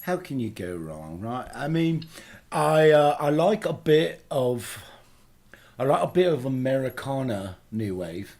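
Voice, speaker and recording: Man doing an aging Liverpool punk rocker, rambling radio host, hesitant with lots of fillers, now and then breaking into loud rants. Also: mid-range voice, big pitch swings, unhurried. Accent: Liverpool English. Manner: bursts into loud ranting. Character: boastful aging male British punk singer. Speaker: guest radio host playing records. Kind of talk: comic radio character chat.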